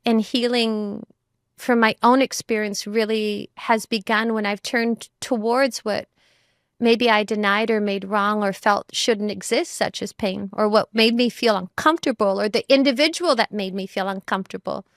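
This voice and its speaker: A woman's voice: medium pitch, steady tone, normal speed, no echo, studio quality. A woman who is a mother, talking as a guest in a reflective conversation, thoughtful and full of "you know" and "like" fillers.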